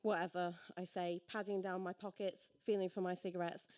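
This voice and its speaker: A woman's voice: fairly low pitch, little pitch movement, brisk, darkish tone, clear, resonant tone. A woman reading her own story aloud at a live storytelling night, sardonic and acting out the dialogue.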